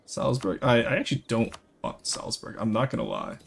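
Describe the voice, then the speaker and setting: A young man streams a strategy game, narrating his moves and greeting viewers as they arrive. His pitch jumps around with lots of life while staying mid-range for a man. A faint hiss sits under his voice. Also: a little fast, creaky. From rural Canada. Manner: lively, chats with viewers while playing. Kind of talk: live gameplay commentary.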